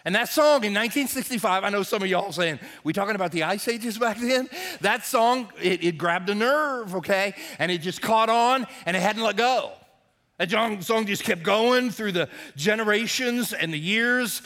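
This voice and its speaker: Folksy guy preaching, bright high voice, jokes with the crowd. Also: normal speed. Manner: folksy, chatty, jokey with the congregation. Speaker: pastor. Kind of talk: sermon. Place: church service.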